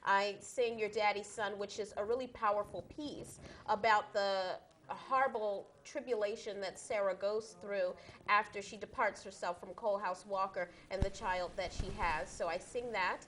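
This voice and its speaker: A woman's voice: mid-range voice, fairly even intonation, moderate pace, fairly bright tone. A woman guest on a talk show, chatting enthusiastically about the songs she performs and laughing easily. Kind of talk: casual interview chat.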